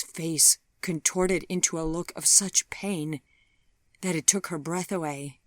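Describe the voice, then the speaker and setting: A woman narrating an audiobook in a soft, breathy half-whisper, her voice low and unhurried. She reads slowly and evenly, recorded close and dry with no room around her. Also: steady tone, no echo. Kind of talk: scripted narration.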